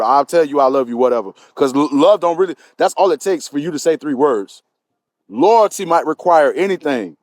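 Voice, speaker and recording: A man's voice: on the high side, dry recording. A man co-hosting a casual live stream, answering viewer comments, pressing his points and repeating them. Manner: emphatic, repeats his points, frequent restarts. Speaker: livestream co-host.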